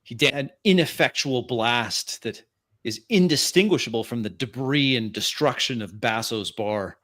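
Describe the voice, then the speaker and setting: A man narrating a tabletop role-play as game master, describing scenes in a halting way with fillers. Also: medium pitch, a bit bright.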